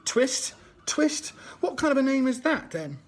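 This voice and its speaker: A man's voice: sits high, animated, normal speed, a bit bright. A man voicing a mocking bully boy in a storybook reading, with a jeering, taunting manner.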